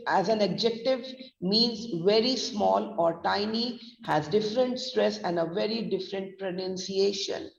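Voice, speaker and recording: A woman pronunciation trainer with an Indian English accent, spelling words out slowly and deliberately in a lesson. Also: mid-range voice, creaky. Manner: slow deliberate spelling-out, mixing Hindi. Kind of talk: online vocabulary lesson. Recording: echoey distant lo-fi room mic.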